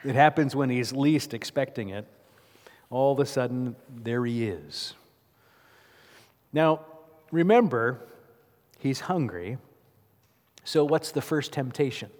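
A male pastor preaches in a church and tells the story with plenty of rhetorical questions. His mid-pitched voice carries a long reverb tail through the sanctuary. The delivery is vivid storytelling. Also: lively intonation, slow, long pauses, a little mellow. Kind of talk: sermon.

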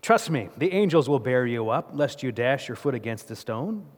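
A smooth male devil, coaxing and wheedling in a slow, hushed tone, as a preacher puts him on. The voice rings in a church with a long reverb trail. It sits in the middle of the male range. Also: mid-range voice, expressive, close to an everyday voice.

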